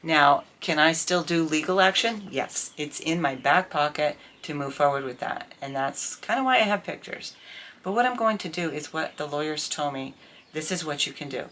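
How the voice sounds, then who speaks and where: A middle-aged woman talking candidly to camera in a casual vlog, telling an indignant, animated story about her life. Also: deep voice, normal speed, slight background noise. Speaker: vlogger.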